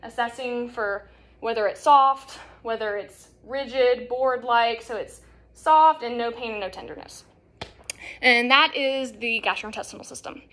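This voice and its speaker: A woman's voice: fairly high pitch, measured pace, a bit bright. A young woman teaching a hands-on nursing assessment, explaining in a casual way with many fillers. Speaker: nursing instructor. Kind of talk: demonstration lesson.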